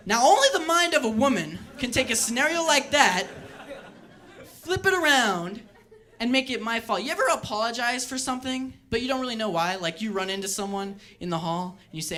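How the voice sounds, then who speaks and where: Young male stand-up, bright tense voice, lively storyteller on a club mic. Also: extremely high pitch, brisk. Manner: animated storytelling, mimics quoted voices. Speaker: stand-up comedian. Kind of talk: stand-up comedy set. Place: comedy club stage with live audience.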